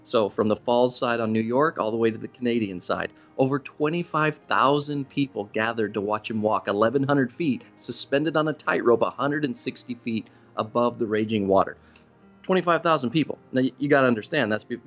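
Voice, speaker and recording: A man preaching a sermon in a conversational storytelling way, with sudden animated rises for emphasis. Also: medium pitch, muffled recording. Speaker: pastor.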